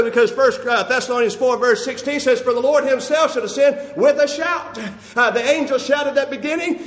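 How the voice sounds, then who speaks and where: A man's voice: very high voice, fairly bright tone. A man preaching a sermon, asking questions and answering them himself, with frequent "uh" fillers and bursts of raised voice. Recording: roomy hall echo.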